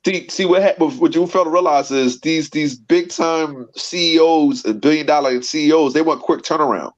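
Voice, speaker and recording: A man's voice: on the high side, normal speed. A man debates football on a casual panel show. He argues his case and restarts his phrases often. His voice comes through muffled and lo-fi. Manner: argumentative, repeats words while building a point. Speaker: podcast co-host. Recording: dull lo-fi sound.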